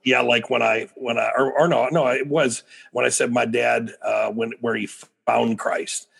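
A man's voice: medium pitch, steady tone, moderate pace, gravelly, a bit bright, husky. A middle-aged American man, a preacher and guest, telling stories animatedly in a podcast interview with frequent restarts. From United States.

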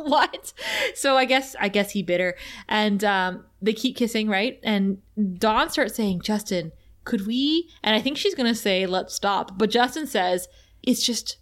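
A woman co-hosts a podcast and recaps a TV episode in loose, casual chat. She is animated, laughs often and slips into quoted lines as she retells scenes. Her voice sits at an ordinary middle pitch. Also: unhurried. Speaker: podcast co-host.

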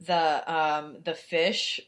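A young woman co-hosting a podcast, with a slightly low voice and a loose, rambling way of talking. She swears freely and fills her talk with fillers and quick laughs. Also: level tone, a bit bright. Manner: chatty, profane, lots of fillers and laughs. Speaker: podcast co-host. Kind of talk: casual chat.

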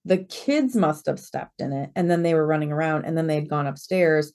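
Lively storytelling woman in her forties. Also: low-pitched, brisk. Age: 40s. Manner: lively storyteller who acts out quoted dialogue. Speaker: real estate broker, podcast guest. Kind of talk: conversational interview storytelling.

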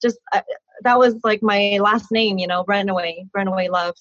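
Breathy woman in her thirties, candid. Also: medium pitch, normal speed, no echo. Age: 30s. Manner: candid, animated, laughs often, quotes others in dialogue. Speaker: interview guest. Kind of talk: personal storytelling in an interview. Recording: dull dry lo-fi sound.

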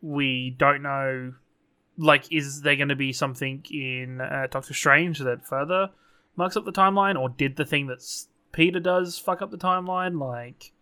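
Guy with a bright, kinda high voice, animated podcast chatter. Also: moderate pace, smooth. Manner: animated, swears casually. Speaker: podcast co-host. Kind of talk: casual chat.

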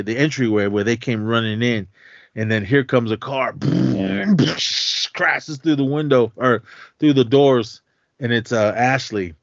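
A man casually retells a movie scene by scene, rambling and correcting himself as he goes. His voice sits in a middle pitch. The recording is dull and dry, with a lo-fi podcast sound. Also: slow pace, dry recording. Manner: rambling retelling with many fillers and self-corrections. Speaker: podcast co-host.

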